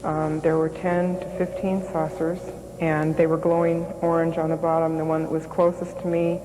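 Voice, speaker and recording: A woman, a former radar operator, giving halting documentary testimony with many pauses and fillers, over music. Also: low voice, level tone, warm tone, a little hiss or hum, low-quality recording. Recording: music underneath.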